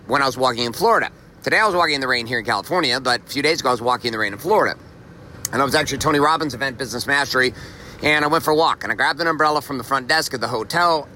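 A man's voice: medium pitch, sharp tone, slight background noise. A man hosting a motivational podcast, talking emphatically in a casual, profane way and repeating phrases for effect. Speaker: podcast host. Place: outdoors walking in the rain.

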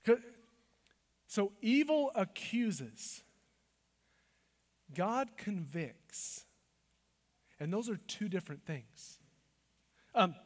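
High-voiced preacher in a reverberant hall. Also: male voice. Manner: swings from hushed intimate asides to loud emphatic declarations. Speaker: pastor. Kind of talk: sermon.

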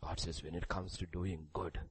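A man preaching a sermon, reading scripture aloud, with sudden loud rises and quiet drops. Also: deep voice, steady tone, normal speed, breathy edge, poor audio. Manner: reads scripture aloud with emphasis.

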